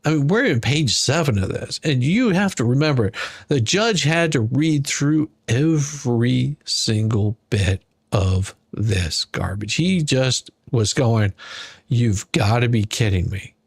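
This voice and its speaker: A man's voice: mid-range voice, expressive, takes it slowly, vocal fry, slightly rough, dry recording, studio quality. A man streaming sarcastic commentary on court filings, scoffing and mimicking whiny pleas. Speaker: YouTube legal commentary streamer.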